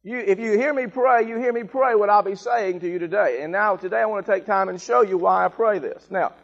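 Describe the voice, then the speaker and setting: A male pastor delivering a sermon, emphatic and repetitive, swelling into shouted calls for the congregation to repeat after him. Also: high-pitched, a little fast, vocal fry, highs cut off. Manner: emphatic, rising to shouted call-and-response. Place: church sanctuary. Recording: long reverb of a church hall.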